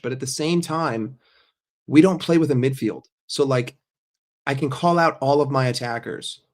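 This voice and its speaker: A man with a medium-pitched voice hosts a casual livestream. He reads chat messages aloud and responds in a blunt, sarcastic, swearing rant. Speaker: livestream host reading chat.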